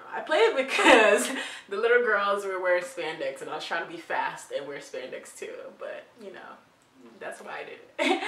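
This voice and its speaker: A woman's voice: fairly low pitch, fairly bright tone. A young woman vlogger chatting playfully through tag questions, with giggly asides. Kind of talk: casual chat answering tag questions. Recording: roomy, distant from the mic.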